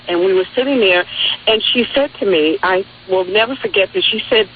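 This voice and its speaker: A woman's voice: medium pitch, fairly quick. A woman from New York City calling in to a talk radio show, telling a heartfelt story. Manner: heartfelt storyteller, lively voices when quoting. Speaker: caller. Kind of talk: phone-in call to talk radio. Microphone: telephone. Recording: tinny phone line with faint hiss.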